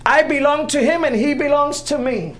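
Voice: sits high, normal speed, a bit bright, voice pushed up. A preacher putting on a devoted young woman in love.

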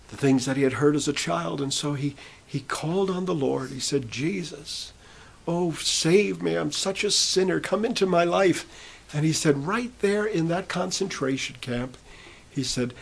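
A preacher with a slightly high, gravelly voice that carries a breathy edge retells how a prisoner came to faith. His sermon story moves through the testimony, voicing each speaker's words in turn.

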